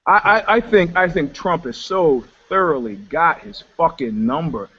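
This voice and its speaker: A man's voice: on the high side, animated, unhurried, pushed and bright, husky. A man telling rambling, profane stories in a casual panel chat, with many restarts. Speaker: show contributor and musician. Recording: dull, dry lo-fi audio.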